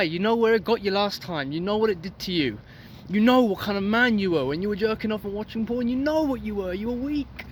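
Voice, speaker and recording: A man's voice: sits high, lively intonation, fast talker. A young man giving a blunt, profane motivational rant outdoors for his vlog. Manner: intense, profane, preachy. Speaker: vlogger. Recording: loud street traffic noise.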